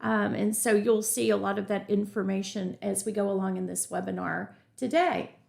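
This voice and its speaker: A woman's voice: mid-range voice, fairly even intonation, normal speed, gravelly, darkish tone. A middle-aged woman teaching a live real estate webinar, upbeat and chatty, greeting viewers from the chat and telling stories as she goes. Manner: chatty storytelling with asides.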